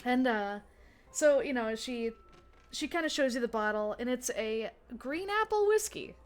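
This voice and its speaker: A woman's voice: a little high, animated, unhurried. A woman running a tabletop role-play game as game master, narrating in a chatty way full of fillers and restarts. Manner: chatty, lots of fillers and self-corrections.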